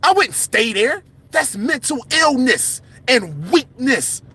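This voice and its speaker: A man with a very high, bright, forceful voice hosting a livestream. He talks in a heated, confrontational rant, preaching at his viewers and often breaking into a yell. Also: big pitch swings, takes it slowly, husky. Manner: impassioned, yelling, confrontational, preachy. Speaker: livestream host.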